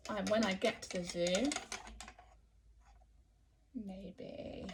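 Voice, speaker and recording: A woman with an English accent teaching phonics to young children, sounding out letters slowly and praising often. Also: mid-range voice, a little mellow. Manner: slow, sounding out letters, encouraging. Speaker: early years teacher.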